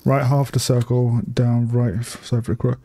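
A man's voice: mid-range voice, level tone, moderate pace, mellow. A young man, chatting and swearing casually while streaming a bike game. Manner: chatty, swears freely, laughs often. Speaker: gaming streamer. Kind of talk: casual live-stream commentary.

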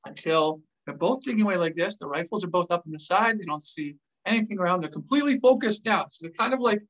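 Animated storyteller acting out scenes. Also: medium pitch, quick pace, far from the mic, low-quality recording. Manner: animated, acts scenes out with gestures. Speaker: former army officer telling a story. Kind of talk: storytelling vlog.

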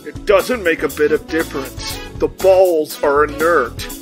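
A man's voice: fairly high pitch, measured pace, music in the background. A man co-hosting a casual podcast, cracking teasing jokes. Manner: teasing, wisecracking. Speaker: podcast co-host. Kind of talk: casual comedic podcast chat.

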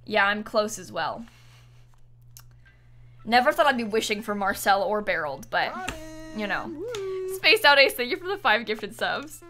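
A woman's voice: mid-range voice, expressive, measured pace, long pauses, bright, forceful tone, faint music behind. A young woman chatting on a live stream while gaming, giggly and apologetic, thanking viewers as she plays.

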